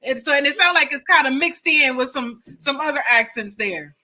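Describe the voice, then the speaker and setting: A woman's voice: sits high, expressive, fairly quick, a crowd in the background. A woman co-hosting a casual interview, agreeably chiming in and building on what the guest says. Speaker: talk show co-host.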